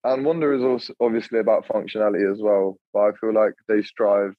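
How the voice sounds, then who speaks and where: A young man talks casually in a laid-back, rambling way. His voice sits fairly low. The audio is dull and lo-fi, close and dry. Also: fairly even intonation, quick pace, no room sound. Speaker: podcast guest, clothing creator. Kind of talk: casual chat.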